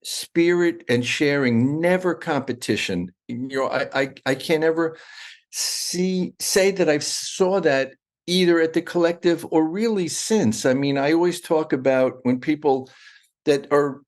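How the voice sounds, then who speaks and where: A man's voice: a little high, a little slow. A middle-aged man talking as a guest in a casual interview, rambling and restarting his sentences often. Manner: rambling, with many restarts and fillers.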